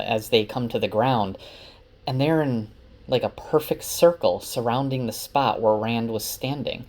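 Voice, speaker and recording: A man casually retelling a book's chapters for his wife, chatty and loose with many fillers. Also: medium pitch. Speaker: book summarizer. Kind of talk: casual story recap.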